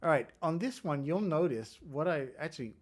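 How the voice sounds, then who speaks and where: A man's voice: a little high, expressive, a little fast. An English man hosting a casual live coding stream, chatting and joking about his code as he reads out viewer comments. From England. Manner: chatty, self-deprecating, reads out chat comments. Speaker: developer livestream host.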